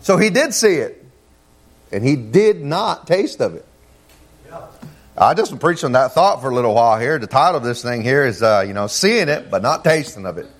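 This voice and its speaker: A middle-aged man delivering a sermon in a folksy, plainspoken way. He scatters "man" and "amen" through his talk and climbs higher in pitch when he reads verses aloud. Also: sing-song, moderate pace. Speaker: preacher.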